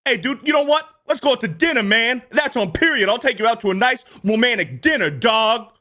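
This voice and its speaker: A man's voice: very high voice, expressive, a little fast, bright, forceful tone, pitched above the performer's own voice, full character voice. A man voicing a mocking, swaggering young tough guy, full of exaggerated slang and sneering.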